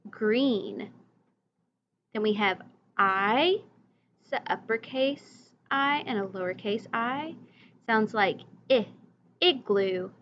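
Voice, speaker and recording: A woman teacher giving a recorded reading lesson, slowly modeling vocabulary words and letter sounds for young children and their parents. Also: fairly high pitch, a bit bright, lo-fi sound, slight background noise.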